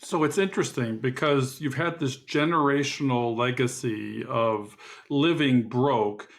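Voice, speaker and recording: A man hosting a podcast who asks probing, measured questions and reads a sponsor spot. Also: medium pitch, gravelly. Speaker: podcast host. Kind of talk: interview questions and ad read.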